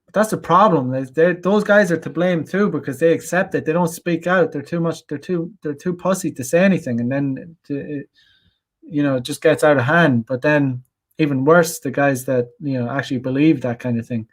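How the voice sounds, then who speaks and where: A man's voice: fairly high pitch, normal speed. A young adult man from Ireland, ranting in a rambling, blunt, profane way on a casual livestream and reading out chat comments. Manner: rambling, many restarts and fillers, blunt and profane. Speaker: channel host.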